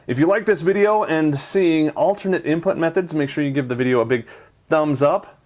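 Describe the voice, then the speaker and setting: A man's voice: on the high side, moderate pace, a little mellow. A man hosting a tech video, narrating a product demo in an enthusiastic, chatty way.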